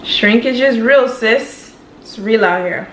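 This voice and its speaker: A woman's voice: a little high, slow pace, very noisy. A woman with a Jamaican accent hosting a casual reaction video, full of gushing, exclamatory praise. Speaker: host reacting to clips. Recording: echoey room.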